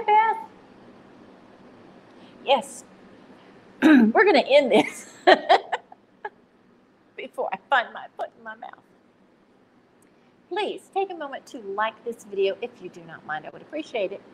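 A woman's voice: a little high, very animated, moderate pace, pauses often, a little hiss or hum, low-quality recording. A woman with a Texan accent hosting a casual live stream, chatty and self-deprecating, laughing at her own slips. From Texas.

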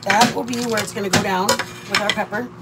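A woman's voice: medium pitch, fairly even intonation, a little fast, heavy background noise. A woman from Michigan chatting casually while cooking with her partner at their RV, rambling and laughing often. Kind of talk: casual live-stream chat. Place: RV campsite during a rainstorm.

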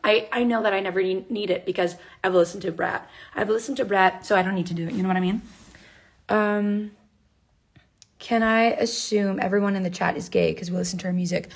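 In a casual home livestream, a young adult woman by herself talks giddily and hyperactively into her phone, rambling as she goes. Her mid-range voice stays steady and moves a little fast.

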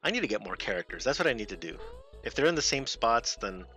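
A man giving lively let's play commentary, laughing and talking back to game characters. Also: mid-range voice, fast talker, faint music behind. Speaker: gaming video host.

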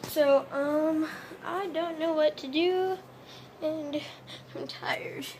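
A woman with a high voice vlogs casually from home, lying on her floor. She talks at an unhurried pace, rambling and mocking herself. Her voice sinks to near mumbles and then leaps into sudden loud bursts, with faint noise under it. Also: steady tone. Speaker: vlogger.

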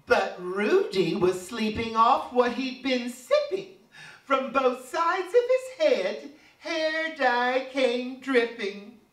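A man's voice: extremely high pitch, expressive, slow, fairly bright tone. A man in drag persona reciting a mocking comic poem in rhyming verse, recorded from a distance in an echoey room. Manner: campy, mocking storyteller delivery. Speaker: drag performer.

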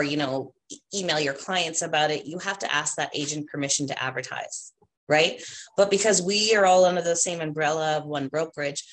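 A woman's voice: deep voice, fairly bright tone. A woman, a real estate trainer, teaching agents in a chatty, emphatic way and tagging her points with "right?". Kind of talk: instructional talk to agents.

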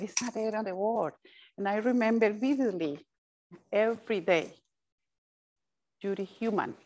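A woman speaks to a room of service providers at a mid-range pitch. Her talk is earnest and halting, full of restarts and repeated words. She drops phrases into her English. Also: low-quality recording. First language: Spanish. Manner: mixes Spanish phrases into English. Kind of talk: panel talk.

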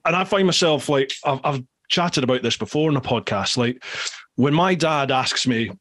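A man's voice: medium pitch, normal speed, fairly bright tone. A middle-aged British man hosting a podcast, chatting casually and reading out listener questions. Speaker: podcast host. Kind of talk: casual chat.

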